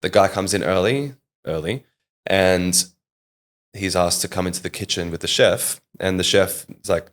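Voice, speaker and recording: A man's voice: low voice, moderate pace. A man from Australia with an Australian accent, a public speaking coach telling stories in a casual podcast interview. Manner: animated storyteller, leans on "like" and "mate".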